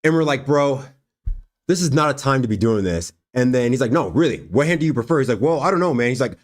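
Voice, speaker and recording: A man's voice: mid-range voice, fast talker. A young man hosting a livestream, casually telling a story and acting out the dialogue with frequent laughs. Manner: animated, acts out quoted dialogue, laughs often. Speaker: livestream host and fighter.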